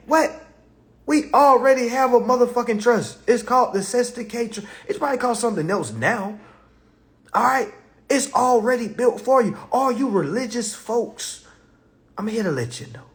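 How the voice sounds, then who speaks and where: A man teaching an online class in a casual, streetwise way, firing off profane rhetorical questions and laughing between points. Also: extremely high pitch.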